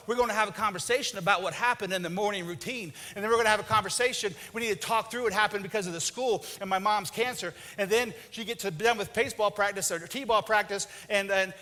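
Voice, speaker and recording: A male pastor preaches with animated storytelling. He often drops into quieter, lower voices to act out a husband and wife. His voice sits high and sounds bright. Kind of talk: sermon with acted-out marriage stories.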